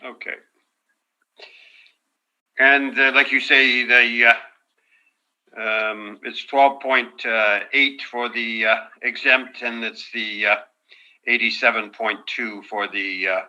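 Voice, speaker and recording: A man chairing a formal hearing, polite and measured. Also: medium pitch, steady tone, pushed and bright. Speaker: board chair. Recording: dull lo-fi room audio.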